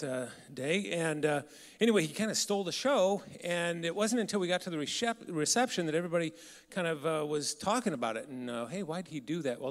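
A man tells stories to a live crowd in a large hall, his voice carrying a long echo. He speaks a little higher than most men and keeps it conversational, throwing questions out to the listeners. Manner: conversational, asks the audience questions. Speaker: guest speaker. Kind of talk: storytelling talk to an audience. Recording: hall reverb.

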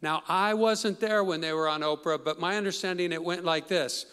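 A man's voice: high-pitched, moderate pace, hardly any pauses, a bit bright, clear, resonant tone. A man introducing guest speakers to an audience, formal with light joking asides. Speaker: event host introducing guests. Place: large hall. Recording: hall reverb.

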